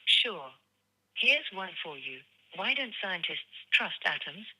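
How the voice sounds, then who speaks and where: A woman's voice: on the low side, big pitch swings, slow pace, sharp tone, slight background noise, rough recording. A text-to-speech woman's voice acting as an AI phone agent, cheerful, friendly and polished. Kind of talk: synthetic voice agent reply.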